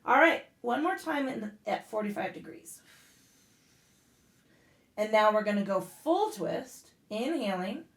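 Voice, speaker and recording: A woman yoga instructor guiding a class out loud, casual and profane, breaking off into blunt joking rants. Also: fairly high pitch, lively intonation, measured pace, long pauses. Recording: echoey room.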